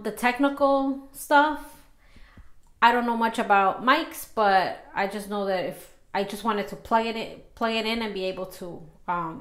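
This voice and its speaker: A woman vlogger casually chatting while she tests a lapel microphone, giggling and filling pauses with loose fillers. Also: medium pitch, a bit bright, low-quality recording. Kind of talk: casual product-test vlog.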